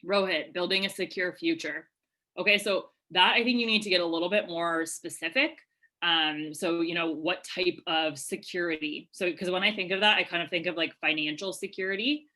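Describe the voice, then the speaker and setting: A woman coaching attendees on a live video-call webinar, her voice bright and a touch low. She talks in an energetic, chatty way, full of fillers and quick asides. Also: low-quality recording. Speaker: webinar presenter answering questions. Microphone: webcam video call.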